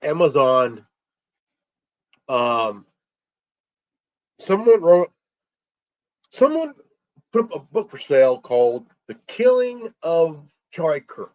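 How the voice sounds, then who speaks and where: A man ranting alone on his stream, angry, stumbling and repeating words, swearing and filling pauses with ums. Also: on the high side, very animated, darkish tone. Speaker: stream host. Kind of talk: angry solo rant. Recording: dull lo-fi stream audio.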